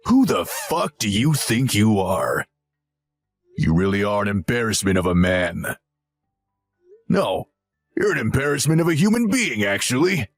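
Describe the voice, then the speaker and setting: A stern older father speaks in a firm, measured, reproachful way, with a voice that rises and falls widely. A man reads him out in a story. Faint music plays behind. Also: fairly low pitch, expressive, natural voice.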